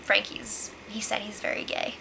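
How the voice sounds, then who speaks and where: A woman's voice: mid-range voice, monotone, normal speed, vocal fry, bright, forceful tone, a little hiss or hum. A woman recapping a reality show in a casual vlog, chatty and opinionated, saying "like" a lot. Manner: chatty and opinionated, heavy use of "like".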